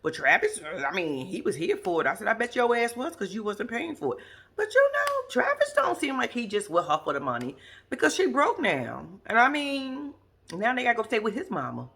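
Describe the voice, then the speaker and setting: A sassy woman with a husky voice dishes blunt, profane commentary while recapping a reality show. Her pitch swings widely, jumping high for her asides. She talks casually and holds nothing back. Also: moderate pace. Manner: lively, swoops high for asides.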